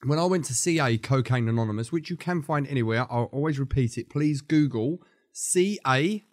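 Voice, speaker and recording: Brief: male podcast co-host, mid-pitched, blunt and earnest, casual swearing, dead-dry studio sound. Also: quick pace, a little mellow, no echo.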